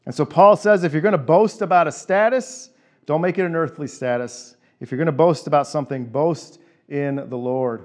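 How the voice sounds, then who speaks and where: A man preaching a sermon as a pastor, leaning on repeated phrases and switching between quick casual asides and slow, stressed lines. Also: on the high side.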